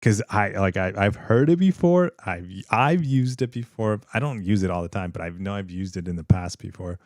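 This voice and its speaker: A man's voice: lowish voice, normal speed, a little mellow, dry recording, studio quality. A man from California hosting a casual livestream from his home setup, rambling with lots of fillers and restarts and laughing easily. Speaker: livestream host.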